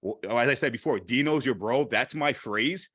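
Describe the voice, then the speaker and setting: A man speaking candidly at a live event, animated and repeating phrases for emphasis. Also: mid-range voice, moderate pace, breathy edge, no echo, studio quality. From Haitian heritage. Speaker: panel speaker. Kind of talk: candid personal talk.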